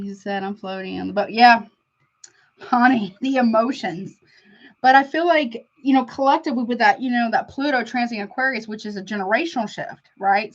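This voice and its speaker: A woman tarot reader talks to her live viewers in a loose, chatty way, often calling them honey. Her voice sits in a middle register. The audio is a bit dull and lo-fi. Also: medium pitch. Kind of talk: casual live-stream tarot chat.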